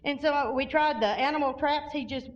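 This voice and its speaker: A middle-aged woman from Arkansas, telling a funny personal story to an audience at a recovery convention in an animated, folksy way, laughing often. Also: sits high, brisk, dull audio. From Arkansas, USA.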